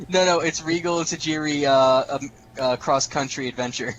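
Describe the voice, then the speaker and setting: Jokey man co-hosting, a bit high. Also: normal speed, fairly bright tone, dull audio, slight background noise. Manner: jokey, explains things to listeners. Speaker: podcast co-host. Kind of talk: casual wrestling chat.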